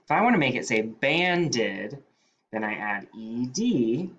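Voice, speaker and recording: Man, teacher, phonics dictation, very slow, deliberate, lively pitch. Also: lo-fi sound. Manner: slow, deliberate, sounding out words.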